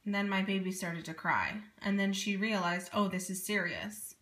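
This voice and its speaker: A woman's voice: mid-range voice, normal speed. Earnest woman telling a story, echoey room. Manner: earnest, animated, many asides. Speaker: parent telling a personal story. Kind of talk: casual first-person storytelling.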